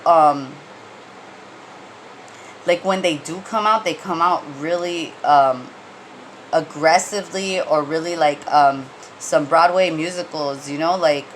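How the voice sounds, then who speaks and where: A woman's voice: on the low side, a little hiss or hum, rough recording. A woman giving a casual tarot reading, rambling and conversational with many fillers and restarts, and blunt when she gets heated. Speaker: tarot reader.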